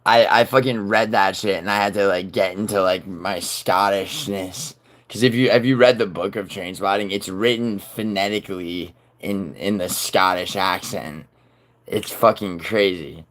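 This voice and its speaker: A man with a very low voice hosts a casual livestream and answers his viewers. He rambles through fillers and swears freely. He often drops to a mumble, then pushes loud and insistent. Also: normal speed. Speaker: livestream host.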